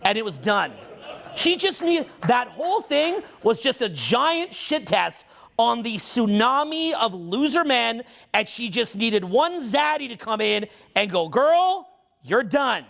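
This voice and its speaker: Gravelly high-voiced man ranting. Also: big pitch swings, a bit bright. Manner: profane, heated and emphatic; talks fast, gets on a roll. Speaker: social skills coach. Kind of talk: unscripted ranting monologue.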